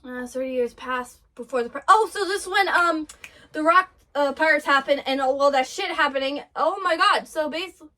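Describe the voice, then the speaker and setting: A woman reacting to an anime episode in casual commentary, giggling often and gushing excitedly in broken-off fragments. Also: high voice, moderate pace.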